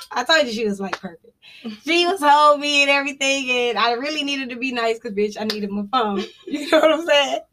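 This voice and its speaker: A woman's voice: high-pitched, bright, forceful tone. A woman co-hosting a podcast, telling a long personal story in casual, profane chat with bursts of laughter. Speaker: podcast co-host.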